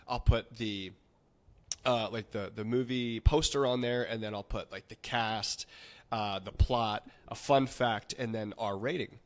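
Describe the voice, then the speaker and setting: A man hosting a casual podcast interview, talking in an excitable, rambling way with lots of filler words and some swearing. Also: medium pitch. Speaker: podcast host.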